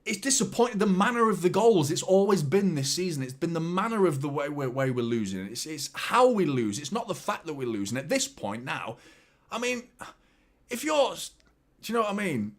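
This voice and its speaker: Hosting a live football watchalong, a young man talks at a normal pace in a fairly high voice. He swears, gets excited, and rambles with repeated words while reacting to the game and talking to viewers.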